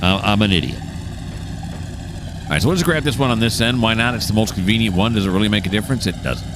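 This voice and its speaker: Deep-voiced man chatting through a train game. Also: animated, fairly quick. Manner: thinks aloud, chatty and self-mocking. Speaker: train simulator player. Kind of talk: casual gameplay commentary. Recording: game engine noise behind the voice.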